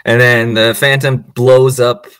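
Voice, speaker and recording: A podcast co-host recaps a movie in casual chat, his clear, resonant voice sitting at medium pitch and moving a little slowly. He's an animated storyteller who acts out the characters' lines and laughs often, with no room sound in the recording.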